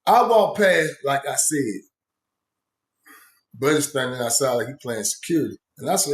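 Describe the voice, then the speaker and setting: A man's voice: medium pitch, expressive, normal speed, pauses often. A man casually telling a story from his own past, rambling with slang and many asides. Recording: echoey room.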